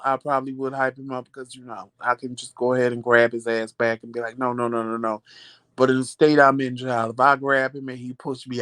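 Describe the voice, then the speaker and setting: Man, vlog host, casual chat, sassy animated storytelling, dry close sound. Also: mid-range voice, no room sound. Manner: animated storytelling, acts out quoted exchanges; sassy, peppered with "child" and "honey".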